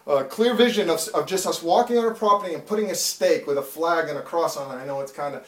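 A man in his thirties giving a fervent testimony in church, building from storytelling to loud, pleading prayer. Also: fairly high pitch, quick pace, echoey room, far from the mic. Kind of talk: preached testimony.

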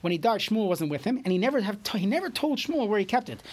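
A man teaching a Talmud class, reading Aramaic lines and explaining them in English, often halting and repeating words. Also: sits high, big pitch swings, slightly rough.

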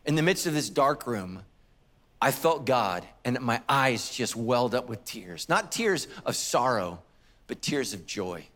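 A man's voice: mid-range voice, big pitch swings, a little slow, a bit bright. A middle-aged man preaching a sermon as pastor, telling stories with humor and acted quotes.

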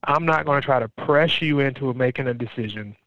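A middle-aged man from Florida, a pastor, telling his faith stories in an earnest, animated way in a conversational interview. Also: a little fast, dry recording. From Jacksonville, Florida. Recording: dull, dry low-fi sound.

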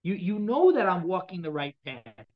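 A man's voice: sits high, big pitch swings, moderate pace, highs cut off. A man teaching a Torah class on Psalms to a live audience, talking casually, repeating phrases and restarting with many fillers.

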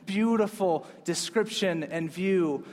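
A man's voice: high-pitched, slow pace, a little mellow. A man preaching a sermon in a casual, conversational way, pushing up hard on key points. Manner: casual, conversational preaching with rising emphatic peaks. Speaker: pastor. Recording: long hall reverb.

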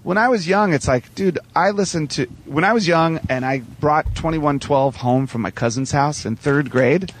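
A man's voice: fairly high pitch, normal speed, few pauses. A man speaking as a podcast guest, emphatic, swearing freely and passionate. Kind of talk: casual interview chat.

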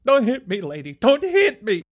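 A man reading a story aloud voices a cheerful young male singing-telegram messenger who raps his message in a high, bright voice. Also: huge pitch swings, normal speed, heavily acted. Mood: pleading. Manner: raps brightly, then pleads in panic.

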